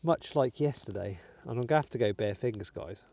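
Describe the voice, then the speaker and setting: Digging outdoors in a wet field, a British metal detecting channel host from the United Kingdom gives casual vlog commentary to his viewers, muttering asides along the way. His medium-pitched voice is mellow and expressive, running a little fast.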